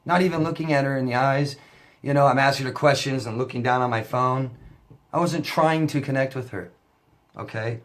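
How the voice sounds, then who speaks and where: A man's voice: medium pitch, normal speed. A man, a relationship coach, talking casually to camera, telling a story with lots of fillers and restarts before turning to advice.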